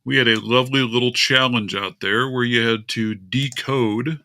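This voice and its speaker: A man's voice: mid-range voice, fairly even intonation, normal speed, pushed and bright. A man hosting a casual live stream, chatting and grumbling aloud while his screen share fails. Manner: chatty, grumbling at tech trouble, talks to his cat. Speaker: livestream host.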